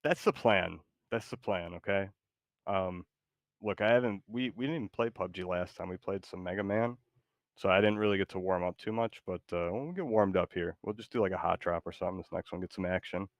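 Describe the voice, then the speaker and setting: Deep-voiced laid-back gamer guy. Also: brisk, no room sound. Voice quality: laid-back, hesitant, joking. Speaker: game streamer. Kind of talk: casual gaming stream chat.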